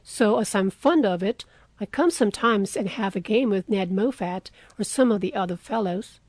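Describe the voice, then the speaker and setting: Teasing good-natured young gentleman read by a woman, lively rising-falling delivery, dry close sound, storybook reading. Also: medium pitch, normal speed, no room sound, lightly acted. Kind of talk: audiobook character reading.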